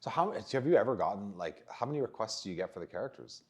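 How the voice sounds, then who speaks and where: A man hosting a podcast, chatting casually and quickly backing his guest up. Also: lowish voice, big pitch swings. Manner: agreeable, quick to back the guest up. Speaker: podcast host.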